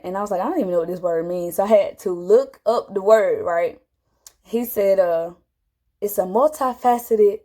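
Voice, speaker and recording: A woman telling a personal story to camera, animated and emotional, her voice jumping high when she quotes herself. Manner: animated, jumps high when quoting herself, tearful at moments.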